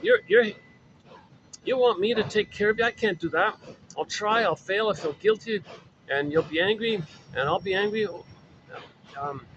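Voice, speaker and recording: A man's voice: sits high, moderate pace, long pauses, highs cut off, background noise, pitched above the performer's own voice, close to an everyday voice. A man voicing a frightened baby who pleads with and protests to its mother. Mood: pleading.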